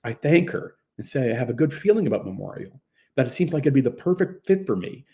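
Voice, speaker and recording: Man, memoir reading, animated storytelling, warm dark tone, gravelly. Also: mid-range voice, quick pace. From Ontario. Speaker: narrator.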